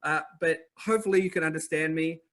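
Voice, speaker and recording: This upbeat, energetic webinar host has a New Zealand accent and speaks fast and on the high side. He's running a live online masterclass, addressing viewers in the chat directly.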